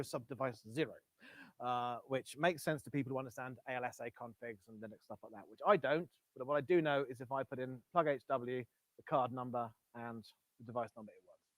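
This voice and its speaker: Mid-range and free of echo, a man's voice comes through a Bluetooth headset as he runs a live-coding session for meetup attendees. The talk is casual and self-correcting, with wry asides mixed in.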